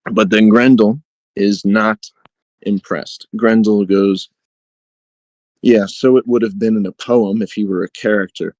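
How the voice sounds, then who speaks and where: A man's voice: lowish voice, steady tone, a little slow, a little mellow, no echo, poor audio. A man co-hosting a podcast, chatting casually with many fillers and reading book passages aloud with light dramatic emphasis. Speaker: podcast co-host.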